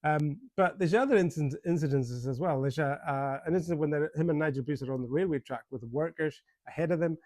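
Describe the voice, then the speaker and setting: A man's voice: on the high side, fast, few pauses, darkish tone, dry recording. A man giving a casual spoken movie review, chatty and amused, with many fillers, restarts and frequent chuckles. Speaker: film reviewer.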